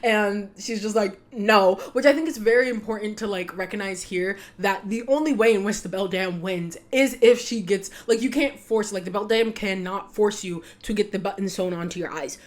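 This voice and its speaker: A woman's voice: mid-range voice, normal speed, hardly any pauses. Chatty young woman rambling with giggles. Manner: rambling, giggly, heavy use of "like". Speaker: vlogger reacting to a film. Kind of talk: casual chat.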